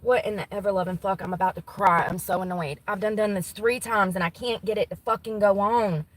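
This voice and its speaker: A woman's voice: medium pitch, steady tone, a little fast, rough recording. A woman vlogging from inside a car, ranting bluntly with lots of swearing. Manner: profane, blunt, exasperated ranting. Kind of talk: casual ranting vlog.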